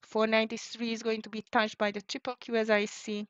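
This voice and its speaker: A woman's voice: fairly high pitch, monotone, a little fast, no room sound. A woman hosting a live trading stream, thinking aloud in slightly as she calls out prices and frets about the market. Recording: dry, dull lo-fi sound.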